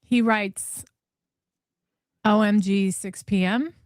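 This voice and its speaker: A woman's voice: medium pitch, fairly even intonation, slow pace, no room sound, studio quality. A woman host reading text messages aloud and reacting with disbelief and laughter. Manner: incredulous, laughing. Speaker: commentary host. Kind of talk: reading texts aloud with commentary.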